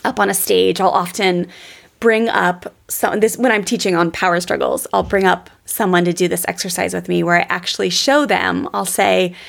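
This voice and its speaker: A woman's voice: lowish voice, steady tone, normal speed, gravelly. A woman hosting a parenting podcast in a casual, enthusiastic way, often speaking straight to her listeners. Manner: enthusiastic, chatty, addresses listeners as "you guys". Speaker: podcast host and parenting coach.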